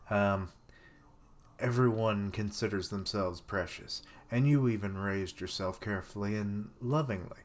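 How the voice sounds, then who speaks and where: A man live-streaming his reaction to a manga chapter, reading lines aloud and joking, swearing and laughing at his own jokes. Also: lowish voice.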